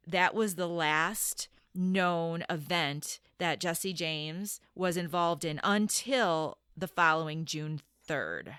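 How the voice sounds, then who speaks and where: Smooth low-voiced woman podcast host. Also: fairly bright tone, no room sound, studio quality. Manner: reads quotes aloud, measured explaining. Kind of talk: casual podcast chat.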